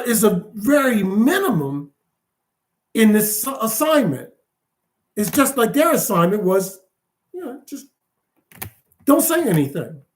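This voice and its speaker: Preacher man, super animated, pitch swinging up and down as he tells it. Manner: animated, storytelling, laughs often. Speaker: elder, preacher. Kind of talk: sermon.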